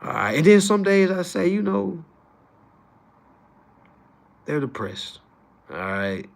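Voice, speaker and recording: On his livestream, a young man rants to viewers in profane slang, switching between loud outbursts and low asides. His creaky voice moves slowly, with big pitch swings.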